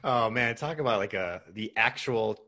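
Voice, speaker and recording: A young man hosting a podcast as a nutrition coach, talking casually, animated and swearing freely as he rants. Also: lowish voice, normal speed.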